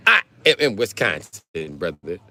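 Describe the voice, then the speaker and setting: Deep-voiced and sing-song, a South Carolina man streams live at a measured pace, his tone pushed and bright. He reads comments aloud and exchanges crude, jokey back-and-forth with viewers.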